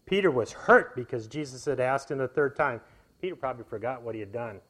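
A man's voice: mid-range voice, expressive, brisk, a bit bright, breathy edge, rough recording. A man preaching a sermon in an earnest, conversational way, often restarting and repeating words as he explains scripture.

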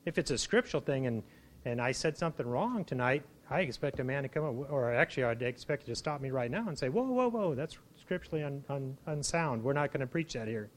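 A man giving an informal sermon to his church, conversational, with frequent restarts and animated exclamations. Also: medium pitch, quick pace, slight background noise. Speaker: preacher.

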